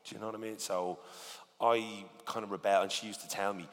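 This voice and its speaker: A man with a working-class Dublin accent, talking in a casual interview, animated and swearing often with lots of "you know what I mean". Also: fairly low pitch, fairly quick, few pauses, in a large hall. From Dublin, Ireland. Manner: animated, swearing, filler-heavy storytelling. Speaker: rapper, interview guest.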